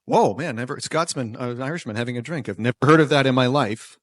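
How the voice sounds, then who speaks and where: A man's voice: medium pitch, fast talker, fairly bright tone, dry recording. A man telling a personal story on stage, wry and self-deprecating, with nervous restarts. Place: small performance venue.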